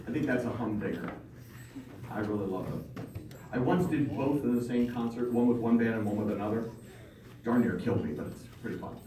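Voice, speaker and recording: A man rehearsing a band, calling out measure numbers and singing the rhythms aloud in a brisk, encouraging way. He is heard from far across a roomy hall. There is loud noise and the sound of instruments behind him. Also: mid-range voice. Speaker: band conductor. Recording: roomy, distant, noisy rehearsal recording.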